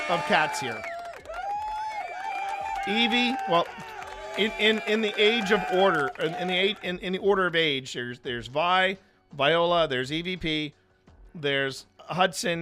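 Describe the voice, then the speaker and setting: A man's voice: fairly high pitch, unhurried, over music, a crowd in the background. A man hosting a paranormal investigation channel, chatting casually with many stumbling restarts. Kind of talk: casual chat, footage review.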